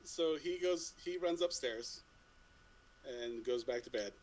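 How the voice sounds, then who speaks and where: A man's voice: fairly high pitch, unhurried, a little mellow, poor audio. Rambling man telling a story. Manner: rambling, restarts a lot, swears casually. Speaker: podcast co-host. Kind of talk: casual storytelling chat.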